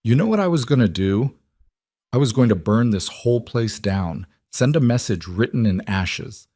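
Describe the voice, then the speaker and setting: A man's voice: mid-range voice, expressive, normal speed, mellow, dry recording, clean studio sound. A man voicing a tense, bitter mafia boss in an audio crime story, speaking in terse lines.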